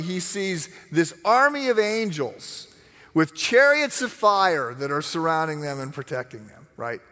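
Middle-aged male pastor, animated storyteller, slightly high voice, long hall reverb. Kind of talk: sermon.

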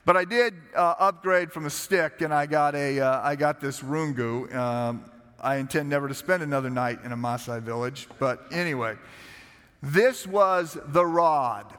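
A man, preaching a conversational sermon full of personal stories, relaxed and self-deprecating, with frequent restarts. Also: on the high side, normal speed, clean tone, long reverb tail. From United States. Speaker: pastor.

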